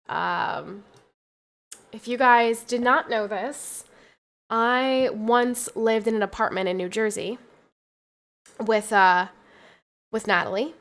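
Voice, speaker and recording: Young woman, streamer, casual chat, tired, tearful, soft, halting. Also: mid-range voice. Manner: soft, halting, full of fillers and restarts.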